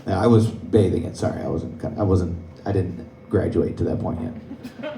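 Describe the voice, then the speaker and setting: A man's voice: low voice, fairly even intonation, normal speed, gravelly, dark tone. Man doing stand-up in a roomy club. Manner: conversational storytelling, laughing at his own jokes. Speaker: stand-up comedian. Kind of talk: stand-up comedy set. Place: comedy club stage. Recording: roomy club sound, mic from a distance.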